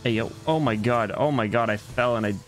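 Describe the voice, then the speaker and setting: While playing a game live, this young VTuber rambles on and jokes with chat. His voice is mid-range and fairly quick, backed by soft music.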